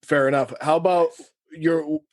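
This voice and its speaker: A man hosting a sports podcast, asking questions and tossing in short relaxed reactions. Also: on the high side, unhurried, vocal fry, no room sound. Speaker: podcast host. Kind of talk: casual interview chat.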